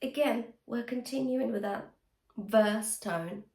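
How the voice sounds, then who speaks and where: Speaking slowly in a somewhat high, slightly mellow voice, a woman teaches singing, walking the listener through exercises and frequently checking in. She sings brief lines to demonstrate, and the recording is reverberant.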